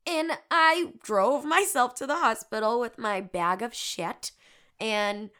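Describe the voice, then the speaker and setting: A woman's voice: a little high, slow pace, sharp tone, clear, resonant tone. A woman in her twenties hosting a podcast, telling candid, self-deprecating stories in casual chat with frequent giggles. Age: 20s. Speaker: podcast host.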